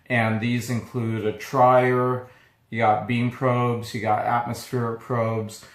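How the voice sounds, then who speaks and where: A man who owns a small coffee roasting business, talking casually to camera in a halting, easygoing way, his voice not yet fully recovered. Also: medium pitch, little pitch movement. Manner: halting and easygoing, pausing often. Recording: echoey room.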